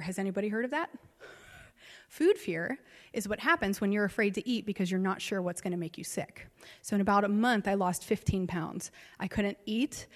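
A woman in her thirties, a pastor, telling a personal story in a sermon with emotional swings. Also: medium pitch. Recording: long reverb of a large hall.

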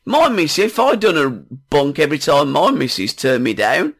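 A man's voice: fairly high pitch, moderate pace, gravelly, slightly rough. A man co-hosting a comedy podcast, telling stories in casual banter and laughing often. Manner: giggly, animated storyteller.

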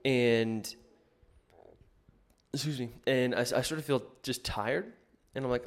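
Talking slowly in a mid-range voice, a man rambles through a personal story in a casual way. He leans heavily on fillers, restarts often, and keeps correcting himself.

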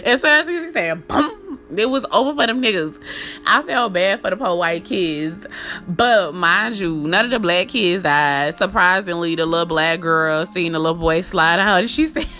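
Bright-voiced woman in a laughing, slangy movie review. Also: lowish voice, normal speed. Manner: animated, profane slang, laughs often. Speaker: podcast host. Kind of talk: casual horror movie review.

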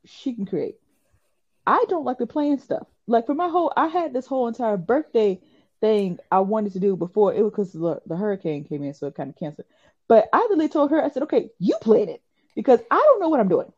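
Woman in her twenties, podcast co-host, husky and bouncy, a bit high, dull lo-fi sound. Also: fairly quick. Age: 20s. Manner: animated, giggly storytelling. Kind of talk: casual chat.

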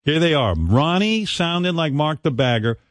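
A man's voice: a little high, lively intonation, normal speed, no room sound, studio quality. A man hosting a radio show in casual banter, blunt and teasing, often laughing.

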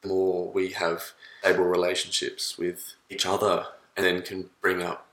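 A man's voice: sits low, completely flat delivery, unhurried, fairly bright tone, reverberant, rough recording. A man, thinking aloud in a casual chat with restarts. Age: 30s. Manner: thoughtful, rambling with restarts.

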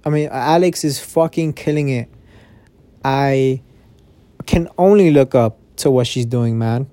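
Give me a slow, rambling young man, swearing often while he talks into his phone under a blanket in a dark bedroom. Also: medium pitch, dry recording. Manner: rambling, profane, restarts often. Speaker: podcast host. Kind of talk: casual solo podcast chat. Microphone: phone microphone.

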